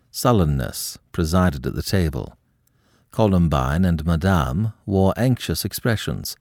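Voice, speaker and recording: A man narrating a classic novel in an expressive, measured storytelling manner. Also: low-pitched, no echo, clean studio sound. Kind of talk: scripted audiobook narration.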